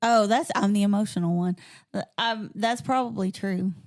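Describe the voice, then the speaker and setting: A woman's voice: medium pitch, normal speed. A woman co-hosting a music podcast, chatting casually, laughing often and arguing her picks with playful emphasis. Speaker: podcast co-host. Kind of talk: casual chat.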